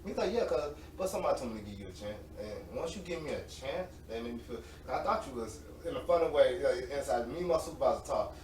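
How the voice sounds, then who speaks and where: A man in his late twenties, an interview guest, telling animated, slangy stories and laughing often. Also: mid-range voice, fast talker, hardly any pauses. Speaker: interview guest, semi-pro football player. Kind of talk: casual storytelling. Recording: roomy, distant mic with faint noise.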